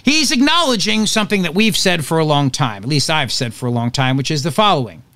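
A male radio host with a lively, swinging delivery, pitched a touch high, mocking and joking as he runs through the news. The sound is dry and close, with no room around it. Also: fast talker, no room sound. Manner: sarcastic, animated, jokey asides. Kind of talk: opinionated talk radio monologue.

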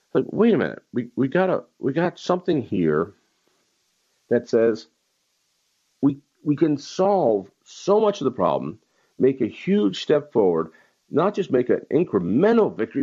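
A man's voice: medium pitch, big pitch swings, measured pace, dark tone, lo-fi sound. A man hosting a talk radio show, delivering a heated political monologue and stressing key words by repeating them.

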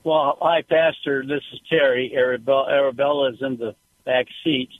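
Gruff man calling in on a phone. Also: medium pitch, steady tone, moderate pace. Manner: casual and chatty. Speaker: caller. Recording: tinny phone line.

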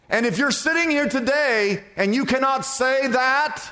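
A man's voice: very high-pitched, measured pace, bright, forceful tone, in a large hall. A man preaching a sermon in a large church, emphatic and stretching out key words. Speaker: pastor.

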